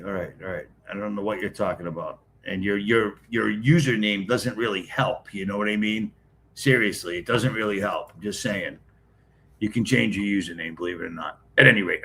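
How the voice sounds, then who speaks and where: A man's voice: lowish voice, bright, forceful tone. A middle-aged man from the Boston area, hosting a casual live stream, greeting commenters one by one and answering them in a blunt, wisecracking way. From Boston area, New England. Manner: blunt, wisecracking, talks straight to chat.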